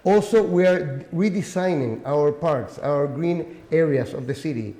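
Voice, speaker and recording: Guy, lots of uhs, slightly high mellow voice, echoey room. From Chile. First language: Spanish. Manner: halting, frequent uhs. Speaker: regional governor, panelist. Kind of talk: panel remarks.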